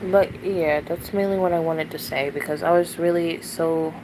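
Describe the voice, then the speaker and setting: A woman's voice: low-pitched, steady tone, normal speed, noisy background. Angry, swearing young woman streamer. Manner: profane, confrontational, fillers of "like". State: upset and angry. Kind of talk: live-stream vent.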